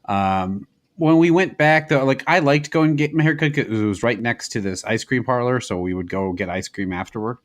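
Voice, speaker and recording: A man's voice: mid-range voice, fairly quick. A man in his thirties co-hosting a podcast, telling rambling stories in casual chat and laughing often. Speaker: podcast co-host.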